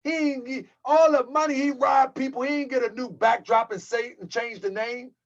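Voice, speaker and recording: A man's voice: very high voice, steady tone, normal speed, highs cut off. A man hosting his own channel, delivering a heated, mocking rant and calling his viewers family. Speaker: channel host. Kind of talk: livestream rant.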